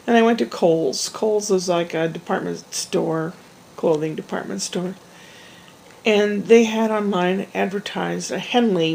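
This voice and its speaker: Gravelly-voiced woman telling a rambling story. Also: fairly low pitch, darkish tone, slight background noise, low-quality recording. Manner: rambling, chatty, with frequent restarts and asides. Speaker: vlogger. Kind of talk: casual storytelling monologue.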